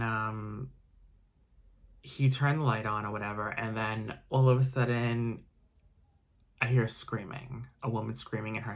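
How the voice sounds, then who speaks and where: A man's voice: medium pitch, a little mellow. A man telling a personal story in a casual vlog, rambling with frequent restarts and fillers. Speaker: vlogger.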